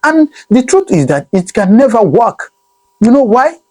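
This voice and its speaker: A man with a Nigerian accent giving animated casual commentary to camera, repeating phrases and mixing pidgin with English. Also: extremely high pitch, measured pace. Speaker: vlogger.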